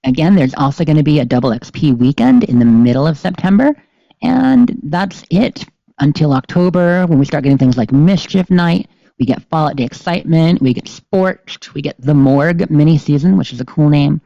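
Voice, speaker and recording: A rambling, chatty podcast co-host with a mellow, darker tone, full of ums and little laughs. Dry, slightly dull recording from a home streaming setup. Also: mid-range voice, moderate pace, creaky, dry recording. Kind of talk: casual podcast chat.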